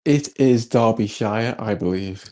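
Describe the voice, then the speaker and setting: A middle-aged man with a Scouse accent, chatting in a relaxed way as a podcast guest. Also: lowish voice, unhurried. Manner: relaxed, laid-back. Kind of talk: casual chat.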